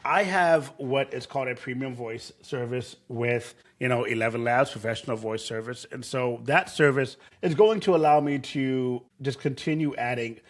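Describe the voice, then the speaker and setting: A man's voice: medium pitch, moderate pace, hardly any pauses. A man hosting a casual screen-share tutorial, talking loosely with fillers and restarts. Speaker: tutorial host.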